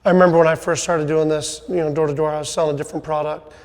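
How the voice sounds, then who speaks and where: A man's voice: a little high, little pitch movement, rapid-fire, darkish tone, big-room sound. A middle-aged man hosting a casual podcast interview, coaching his guest and often tagging on "right?" and "you know". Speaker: podcast host, sales team leader.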